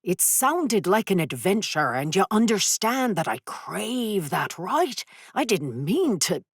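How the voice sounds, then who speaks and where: A woman's voice: mid-range voice, very animated, slow pace, breathy edge, no room sound, clean studio sound, pitched above the performer's own voice, exaggerated voice. Sheepish apologetic man, read by a woman. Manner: apologetic, soft-spoken. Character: sheepish adventure-loving grown man.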